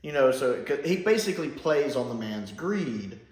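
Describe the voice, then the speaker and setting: A man's voice: medium pitch, very animated, moderate pace. Rambling man reviewing, roomy sound. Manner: rambling, enthusiastic, many fillers and restarts. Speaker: sci-fi reviewer. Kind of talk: casual spoken review. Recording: roomy echo.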